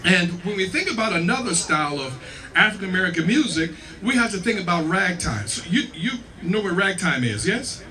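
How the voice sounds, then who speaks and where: Bright-voiced man teaching music history. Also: sits high, sing-song, brisk, distant mic. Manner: explains patiently, checks in with the audience; sings and hums rhythms to demonstrate. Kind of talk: live performance with spoken music lecture. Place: performance venue with live audience.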